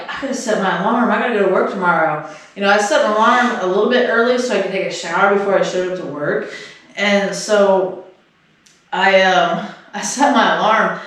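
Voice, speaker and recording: A man's voice: sits high, a bit bright. Rambling, swearing man in an echoey room. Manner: rambling, heavy swearing, lots of "like". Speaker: podcast co-host. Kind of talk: casual storytelling. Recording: echoey room, distant mic.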